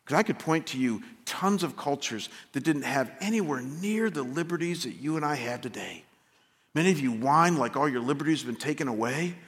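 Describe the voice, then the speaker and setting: A man preaching a sermon as pastor, impassioned, climbing to near-shouted peaks and then dropping low and quiet. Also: animated, a little fast. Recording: long reverb of a large hall.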